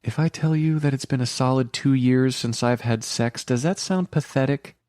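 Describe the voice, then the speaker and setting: A young woman in her twenties, newly bold and demanding, talks in an eager, breathless rush, as a male audiobook narrator puts her on. Her voice sits well above his own low register. It is read close to the mic in a dry studio. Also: normal speed, a little mellow, no echo, natural voice. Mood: exasperated. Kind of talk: audiobook character voice.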